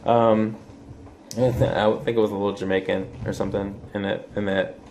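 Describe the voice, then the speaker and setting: A man's voice: fairly low pitch, level tone, normal speed, a little mellow, slight background noise. A man in his twenties talking casually to camera in a rambling vlog, with lots of fillers, restarts and swearing. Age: 20s. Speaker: vlogger.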